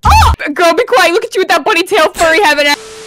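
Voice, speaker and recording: A woman's voice: very high-pitched, lively intonation, fast talker, noisy background. A young woman joining a reaction video, playful and sassy, laughing often. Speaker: guest co-host. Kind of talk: casual reaction chat. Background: background music.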